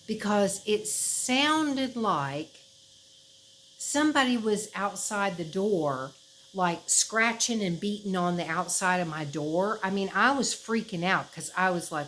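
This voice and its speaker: A woman talks to her camera in a loose, rambling way, full of fillers and little laughs. Her pitch sits in the middle of the range, and she's recorded indoors at home. A faint hiss of noise runs behind her voice. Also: animated, unhurried, poor audio. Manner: rambling, chatty storytelling with many fillers and laughs. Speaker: vlogger. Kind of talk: casual chat to camera.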